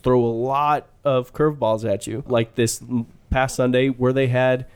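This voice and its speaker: A man's voice: medium pitch, steady tone, a little slow, darkish tone, clean tone. A man co-hosting a podcast, chatting casually and explaining things with wry asides. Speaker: managing editor, podcast co-host.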